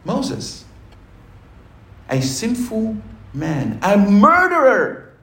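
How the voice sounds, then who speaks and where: A man's voice: sits high, huge pitch swings, drawn-out words, a bit bright. A man preaching a sermon, emphatic, asking the congregation rhetorical questions. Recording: echoey room with faint ambient noise.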